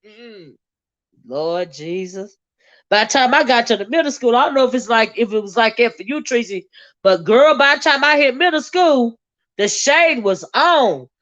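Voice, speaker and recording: A woman with a Southern US accent, hosting a casual livestream chat, sassy and quick to laugh, with drawn-out exclamations. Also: a little high, expressive, a bit bright, no room sound, lo-fi sound. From American South. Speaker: livestream host reading viewer comments.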